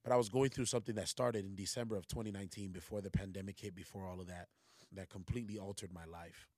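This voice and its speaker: Man preacher, lowish voice, dry close sound, casual slangy sermon that builds to emphatic points. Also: steady tone, quick pace, darkish tone, dry recording.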